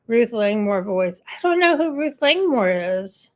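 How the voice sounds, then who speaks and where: A woman's voice: a little high, big pitch swings, a little slow. A woman hosting a casual live-stream chat, rambling and answering viewer comments. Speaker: livestream host.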